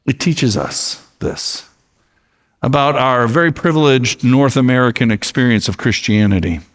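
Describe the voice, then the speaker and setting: A man's voice: mid-range voice, normal speed, long reverb tail. A male pastor giving a sermon in a conversational, storytelling way, recorded in a church sanctuary.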